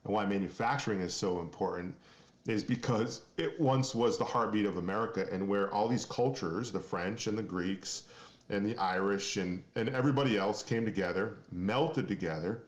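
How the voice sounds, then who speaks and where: A man's voice: lowish voice, normal speed, echoey room. A man from Maine, a company founder being interviewed, talking earnestly in a rambling way with many restarts. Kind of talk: casual podcast interview.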